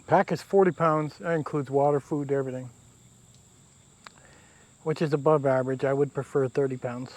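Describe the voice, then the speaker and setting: A man's voice: medium pitch, fairly even intonation, moderate pace, long pauses, darkish tone. A man vlogging casually to camera while camping in damp woods by a river, talking in an easygoing, rambling way. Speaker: outdoor vlogger. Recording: faint outdoor insect noise. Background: crickets and insects.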